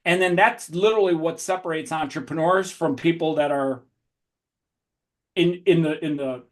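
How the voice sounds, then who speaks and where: Energetic storytelling man, higher voice. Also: normal speed. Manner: energetic, animated storyteller with frequent restarts. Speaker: entrepreneur guest. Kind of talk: storytelling podcast interview.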